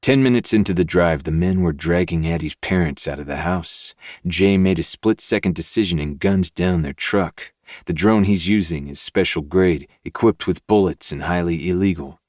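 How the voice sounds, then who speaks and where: Brief: very deep male narrator, dry close recording, steady audiobook read. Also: moderate pace, no room sound. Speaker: podcast host reading a novel aloud. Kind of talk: first-person audiobook narration.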